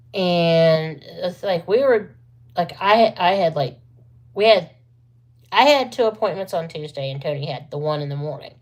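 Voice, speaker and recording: A woman vlogger telling a long story in a rambling, chatty way, full of asides and self-corrections. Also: deep voice. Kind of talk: casual storytelling to camera.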